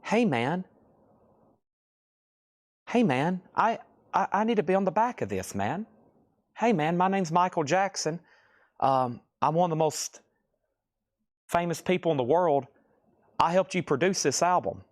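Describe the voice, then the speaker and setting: A man's voice: a little high, lively intonation, unhurried, pauses often, pitched above the performer's own voice. A man doing an impression of a famous male pop star, airy and repeating "hey, man.". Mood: boastful.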